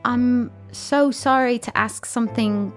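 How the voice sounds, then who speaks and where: A woman's voice: fairly high pitch, measured pace, soft background music. A woman playing a tabletop game, talking in a playful and earnest way. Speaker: player. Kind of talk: tabletop role-play chat.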